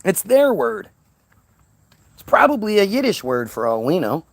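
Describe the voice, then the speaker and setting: A man's voice: sits high, huge pitch swings, moderate pace, dry recording. A man ranting into the camera in a heated, profane monologue, stammering and repeating words. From United States. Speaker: vlogger.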